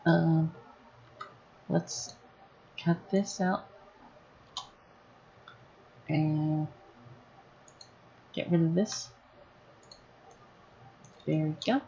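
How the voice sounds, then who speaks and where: A woman running a casual live software tutorial, thinking aloud as she works. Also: low-pitched, steady tone, very slow, creaky, pauses often, lo-fi sound, slight background noise. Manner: thinking aloud while working, casual and chatty. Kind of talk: live screen-recorded tutorial.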